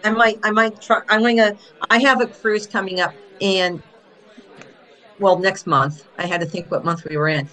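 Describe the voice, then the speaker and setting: Female host, mid pitch, teasing chatter. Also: steady tone, normal speed, pushed and bright, low-quality recording. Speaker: podcast host, landlady. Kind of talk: casual pub-style chat.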